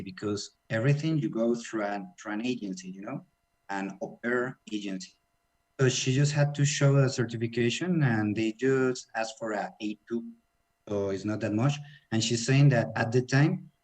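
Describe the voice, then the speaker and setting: A man speaking English with a Latin American Spanish accent, mid-pitched and easygoing. He co-hosts a casual radio talk and patiently retells a guest's account for listeners. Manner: relaxed, summarizes and translates for others. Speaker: co-host language teacher.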